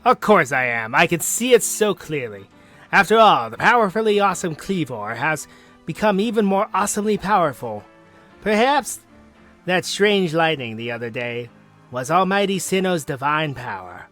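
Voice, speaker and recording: Man doing a swaggering game warden, self-important and lively in pitch, a bit high. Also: normal speed, faint music behind. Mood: boastful. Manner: pompous, grandiose declarations. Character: boastful male clan warden, proud and dramatic.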